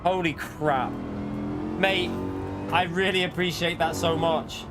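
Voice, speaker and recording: A man's voice: fairly high pitch, steady tone, slow. A man in his thirties commentating casually on his racing game live stream, often repeating and exclaiming. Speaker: gaming streamer. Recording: noisy background with car sounds.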